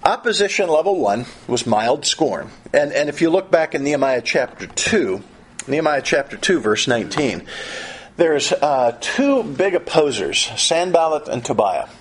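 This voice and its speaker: A middle-aged male preacher with a husky, slightly breathy voice gives a sermon. His pitch swings widely as he talks. He often doubles back and repeats words while he builds his points. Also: normal speed. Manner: animated, repeats and restarts phrases.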